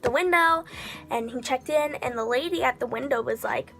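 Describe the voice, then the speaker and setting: High-voiced chatty woman telling a story. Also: moderate pace. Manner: chatty, heavy use of 'like' fillers; excitable, drops into whispers for quoted asides. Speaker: vlogger. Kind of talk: casual storytelling.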